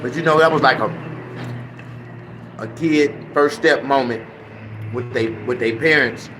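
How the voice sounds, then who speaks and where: A man telling a crude, animated, slang-heavy anecdote in a casual, profane style. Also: medium pitch, a little slow, noisy background. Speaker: comedic storyteller.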